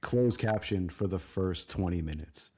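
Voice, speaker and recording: Man, podcast co-host, low husky voice, lively, teasing and profane. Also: measured pace. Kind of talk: casual movie review chat.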